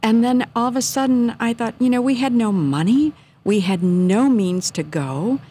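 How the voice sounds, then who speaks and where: A middle-aged woman telling a personal faith story in casual, earnest talk, animated when she quotes her own thoughts. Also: fairly high pitch, normal speed, slight background noise.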